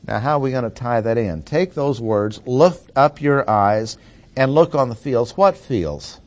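A man preaching an expository sermon, deliberate and emphatic, slowing down to stress key phrases. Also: medium pitch, animated.

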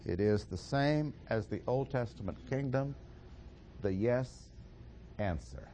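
Male preacher, measured sermon delivery, mellow tone. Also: medium pitch, a little hiss or hum. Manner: slow, deliberate, emphatic with pauses. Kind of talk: sermon teaching.

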